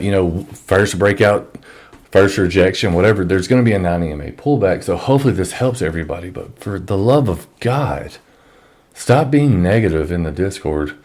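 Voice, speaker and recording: Deep-voiced blunt man lecturing. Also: a little mellow. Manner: blunt, profane, exasperated lecturing. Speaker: trading educator. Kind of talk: screen-share trading lesson. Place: office. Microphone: microphone.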